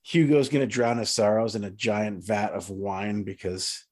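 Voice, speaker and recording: A man's voice: lowish voice, steady tone, moderate pace, hardly any pauses. A man co-hosting a podcast, casual and profane, teasing his co-hosts. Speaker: podcast co-host. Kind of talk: casual chat.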